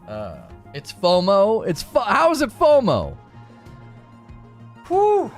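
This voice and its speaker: A man's voice: sits high, wildly swooping pitch, drawn-out words, faint music behind. A man streaming a game and chatting casually with his viewers, laughing often and acting playfully exasperated. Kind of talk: casual live-stream chat.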